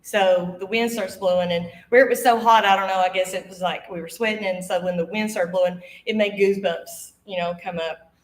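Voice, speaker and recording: A woman's voice: mid-range voice, fairly quick. A woman, telling a ghost story live to an audience, acting out the voices and laughing often. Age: 50s. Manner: lively, acts out quoted voices, laughs often. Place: studio stage before an audience. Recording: echoey room.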